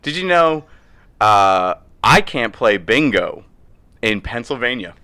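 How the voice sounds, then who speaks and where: Man, podcast co-host, casual crude banter, animated, bright tone. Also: mid-range voice, takes it slowly, clear, resonant tone, no echo. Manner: animated storyteller, laughs often, mimics voices. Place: indoor room, video podcast.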